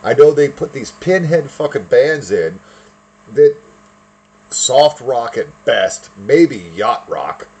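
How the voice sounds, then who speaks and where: A man's voice: medium pitch, lively intonation, slow pace, a little mellow, slightly rough. A man co-hosting a podcast in casual chat, emphatic and enthusiastic. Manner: enthusiastic, emphatic fan talk. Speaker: podcast co-host.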